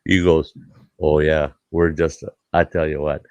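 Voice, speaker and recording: A man's voice: a bass voice, little pitch movement, unhurried, a little mellow, no echo, muffled recording. A middle-aged man hosting a casual chat, telling a folksy story and acting out both sides of a conversation, swearing casually. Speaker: campground host and show host.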